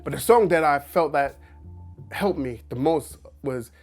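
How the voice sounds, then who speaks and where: A man's voice: on the high side, expressive, unhurried. Male actor, casual talk to camera, chatty with restarts, quoted asides, faint music behind.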